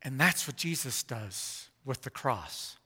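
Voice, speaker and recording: A man preaching a sermon, swinging from hushed, slow lines to loud, emphatic ones. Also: mid-range voice, expressive, slightly rough. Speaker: pastor. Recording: long hall reverb.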